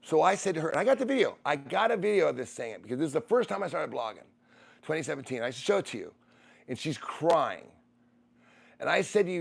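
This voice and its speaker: A man's voice: a little high, big pitch swings, quick pace, creaky. A middle-aged man who streams, telling a personal story in a rambling way, restarting and repeating phrases.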